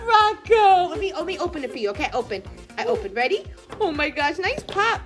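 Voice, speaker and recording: Woman toy vlogger, gushing unboxing at home, bouncy sing-song delivery over quiet music. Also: very high-pitched, moderate pace. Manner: gushing, gasping with excitement. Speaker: toy collector and parent blogger. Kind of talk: casual toy unboxing chat.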